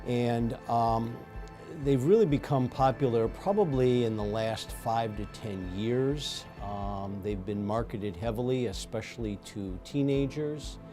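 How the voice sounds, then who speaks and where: Man, pulmonologist, very slow measured delivery, hesitant fillers, faint music underneath. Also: medium pitch, dark tone. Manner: measured, many ums and uhs. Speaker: pulmonologist guest. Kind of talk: medical interview answers.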